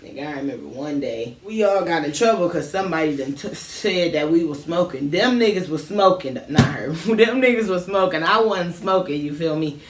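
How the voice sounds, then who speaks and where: Here a low-pitched woman sounds animated, speaking at normal speed with hardly any pauses. She's a podcast co-host in a casual late-night chat, smoking and spinning childhood tales with lots of slang and laughter in a relaxed style. The audio is distant and off-mic, in an echoey room with faint noise.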